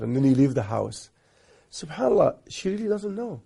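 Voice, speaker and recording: A middle-aged man from Egypt, a guest sheikh giving relaxed, soft-spoken marriage advice full of stories and amused asides. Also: fairly high pitch, normal speed, creaky, breathy edge.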